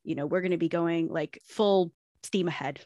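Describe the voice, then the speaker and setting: A young woman co-hosts a podcast over a remote call mic, her fairly low voice moving at a moderate pace on a dry recording. The chat is casual, chatty and lively, and she swears freely.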